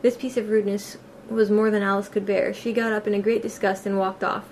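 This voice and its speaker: A woman's voice: medium pitch, brisk, a little hiss or hum. Woman reading a children's classic aloud. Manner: plain, steady reading with small slips. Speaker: audiobook reader. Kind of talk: storybook narration.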